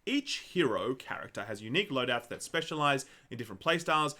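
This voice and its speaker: Young Aussie male co-host, sardonic news reader, bright tone. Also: mid-range voice, expressive, fast. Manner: sarcastic, swears, reads news aloud with asides. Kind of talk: casual gaming news chat.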